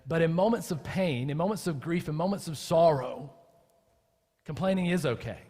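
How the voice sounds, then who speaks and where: Man, pastor, sermon, conversational then fervent, slightly high pitch, reverberant hall. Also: animated, moderate pace, dark tone. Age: adult with children. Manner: conversational, building to impassioned emphasis. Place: church.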